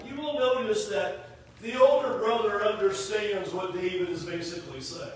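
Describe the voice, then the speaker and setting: A man preaches a sermon, retelling the story with lively animation. His voice sits high. It is recorded from a distance in an echoey church with faint room noise. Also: moderate pace. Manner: animated storytelling, acting out quotes. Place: church sanctuary. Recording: echoey hall, mic from a distance.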